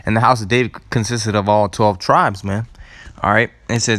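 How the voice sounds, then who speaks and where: A man with a low voice teaching scripture. He works through words slowly and deliberately, repeating them, and drops in relaxed asides as he goes. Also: no echo. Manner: casual asides with "all right" and "man". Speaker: religious teacher. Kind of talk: scripture teaching and word study.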